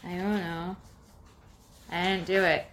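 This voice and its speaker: A young woman vlogging at home, chatting casually and telling goofy stories in a playful, animated way. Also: fairly low pitch, slow, a little hiss or hum. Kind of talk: casual chat, playful storytelling.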